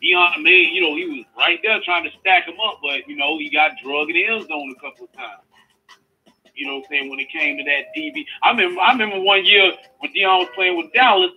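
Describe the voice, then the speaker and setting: A man calling in to a show, talking in a slangy, emphatic, animated way. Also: sits high. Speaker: caller. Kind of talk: casual call-in chat. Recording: muffled phone line with faint noise.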